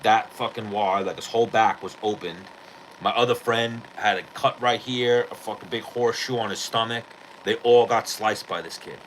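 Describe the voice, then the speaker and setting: A man's voice: fairly low pitch, moderate pace, fairly bright tone, slight background noise, low-quality recording. A male podcast host telling a rambling, profane story in casual chat.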